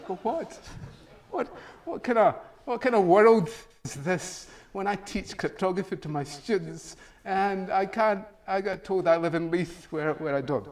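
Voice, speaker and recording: A man's voice: high-pitched, expressive, unhurried. A middle-aged man, a professor, giving a humorous meetup talk, chuckling often and acting out both sides of a conversation. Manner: jokey storytelling, chuckles often, acts out dialogue. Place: meetup venue room.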